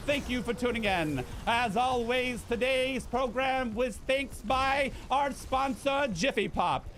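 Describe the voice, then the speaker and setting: A man voicing an old-time male baseball radio announcer with a Mid-Atlantic broadcast delivery and booming, showy play-by-play. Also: fairly bright tone, slight background noise. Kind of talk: comedic impression during a game stream.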